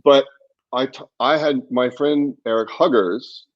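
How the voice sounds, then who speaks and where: A man's voice: mid-range voice, a little slow, dull audio. A middle-aged man, a podcast guest, telling stories and acting out the dialogue of people in them. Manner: animated storyteller, acts out quoted dialogue. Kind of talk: storytelling in a podcast interview.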